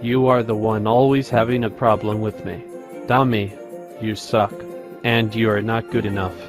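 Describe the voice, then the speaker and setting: A man's voice: fairly low pitch, steady tone, normal speed, close to an everyday voice. A man voicing a rude, insulting male partner who turns every complaint back on her, with music behind. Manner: insulting, whiny blame-shifting.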